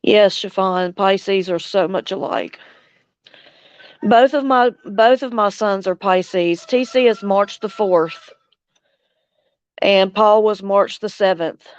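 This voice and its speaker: An older woman from Louisiana hosting a casual livestream chat, speaking slowly and tenderly with soft chuckles, tearful at times. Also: mid-range voice, smooth, no room sound, lo-fi sound. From Louisiana, USA. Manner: slow, tender, chuckling between lines. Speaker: livestream host.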